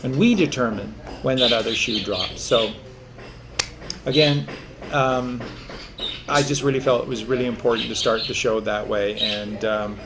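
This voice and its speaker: A man hosting an online show, forceful and repeating words for emphasis over a video call. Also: mid-range voice, unhurried, background noise. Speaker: show host.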